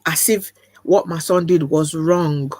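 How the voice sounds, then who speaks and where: A woman's voice: sits low, fairly even intonation, slow pace, a little mellow, dry recording. A woman guest speaking in an earnest, emphatic way over a video call, often repeating phrases for weight. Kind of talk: candid video-call conversation.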